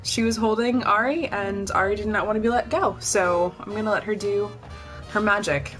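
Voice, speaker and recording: A woman's voice: mid-range voice, steady tone, normal speed, fairly bright tone, soft background music. A young woman livestreaming from home, chatting casually and rambling to her viewers, breathing heavily through a stuffy nose. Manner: chatty, rambling, addresses chat directly.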